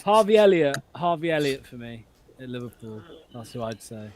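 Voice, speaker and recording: A man's voice: mid-range voice, big pitch swings, moderate pace. A man hosting a football watchalong stream, talking in an upbeat, casual way. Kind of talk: casual chat.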